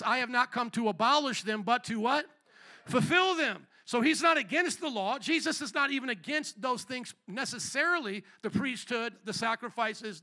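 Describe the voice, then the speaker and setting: A man's voice: sits high, bright, forceful tone. A man preaching a sermon to a congregation, leading call-and-response and asking the room questions. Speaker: pastor. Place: church hall with congregation.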